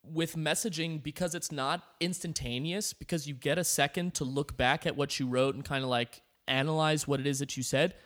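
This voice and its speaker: A young man co-hosting a casual podcast chat, sweary and laid-back with quick asides. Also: fairly high pitch, steady tone, fairly bright tone. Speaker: podcast co-host.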